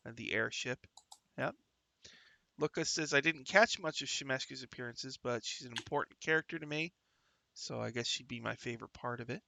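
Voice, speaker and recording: A man's voice: mid-range voice, gravelly, sharp tone, no echo. A man hosting a livestream talk show, chatting casually and rambling, with lots of fillers and restarts, sometimes reading viewer comments aloud. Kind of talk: casual chat.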